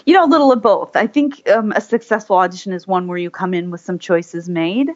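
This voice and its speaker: A woman's voice: lowish voice, brisk, darkish tone. A woman voice actor chatting as an interview guest, rambling with many fillers and restarts. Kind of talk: casual interview chat. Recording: slightly muffled lo-fi audio.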